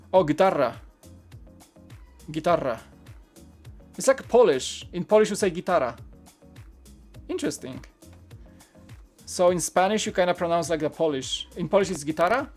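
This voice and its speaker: This man hosts a live stream about building toys, and his voice sits fairly high with a touch of mellowness. As a Lego channel host, he takes viewer questions in a loose, rambling, candid way.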